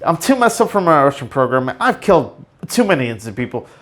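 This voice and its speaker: A man re-enacting a guilt-ridden, brainwashed male super-soldier who refuses a hero's mantle, speaking low and haltingly. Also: big pitch swings, lightly acted. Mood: reluctant.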